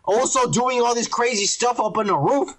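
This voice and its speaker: A man's voice: extremely high pitch, normal speed, low-quality recording. A man co-hosting a podcast, ranting in casual, profane review chat and acting out quotes along the way. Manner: animated, ranting, acts out quotes. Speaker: podcast co-host.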